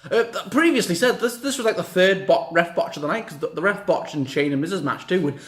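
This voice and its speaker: A young man, chatting casually and excitably, swearing as he reacts. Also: sits high, brisk, roomy sound. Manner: excitable, swears, mocks and acts out the wrestlers in little quips. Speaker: reaction vlogger. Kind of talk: casual chat.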